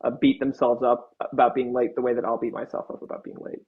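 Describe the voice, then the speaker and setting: Young man, gravelly voice over video call. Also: medium pitch, little pitch movement, fast, phone-quality sound. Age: young adult. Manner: earnest, rambling with restarts. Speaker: band member guest. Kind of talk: casual interview answers.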